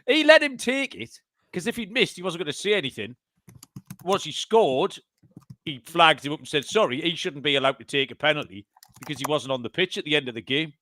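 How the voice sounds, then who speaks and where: A man's voice: fairly high pitch, very animated, fairly quick, pushed and bright, a little hiss or hum. A man co-hosting a betting podcast in casual chat, joking and swearing. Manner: swears, laughs often, jokey. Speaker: podcast co-host.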